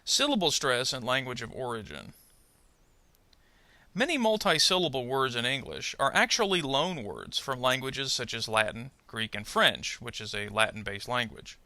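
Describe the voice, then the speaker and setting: A man narrating a pronunciation lesson, speaking carefully and modelling example words slowly. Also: medium pitch, very animated, pushed and bright, dry recording. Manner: slow, careful, modelling word stress. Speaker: ESL pronunciation teacher. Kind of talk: scripted instructional narration.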